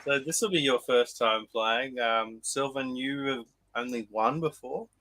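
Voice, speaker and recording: A man's voice: medium pitch, a little slow, bright, forceful tone, some chatter behind, low-quality recording. A man hosting a podcast and running a quiz. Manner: upbeat, explains rules clearly. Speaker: podcast host.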